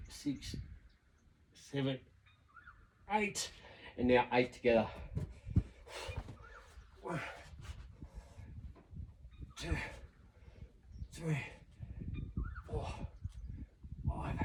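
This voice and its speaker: Man, 50s, workout vlogger, counting reps, chatty encouraging coach, average pitch, outdoors on a camera. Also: background noise. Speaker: fitness vlogger. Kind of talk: workout vlog with rep counting.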